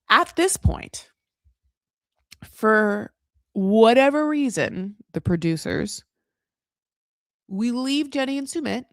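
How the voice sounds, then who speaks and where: A woman's voice: a little high, dry recording, clean studio sound. Blunt, rambling woman recapping reality TV. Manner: rambling, full of "like" and swearing; opinionated and blunt. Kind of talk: casual live recap commentary.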